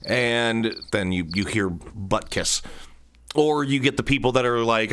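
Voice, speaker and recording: In a casual solo episode recorded at his home studio office, a male podcast host speaks into a studio microphone on a stand. His medium-pitched voice is clear, resonant and fairly bright, with fairly even intonation and a measured pace, and he wanders into jokey asides.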